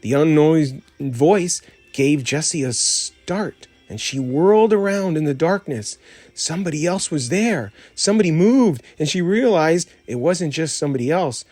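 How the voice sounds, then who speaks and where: Slow-reading male storybook narrator. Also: on the high side, lively intonation, darkish tone, dry recording, soft background music. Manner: measured, plain storytelling. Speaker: audiobook narrator. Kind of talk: storybook read-aloud narration.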